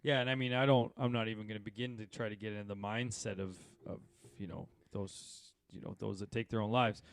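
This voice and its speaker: A man co-hosting a golf podcast, talking in casual chat and thinking out loud. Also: on the low side, steady tone, a little fast, dry recording. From Saskatchewan, Canada. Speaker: podcast co-host.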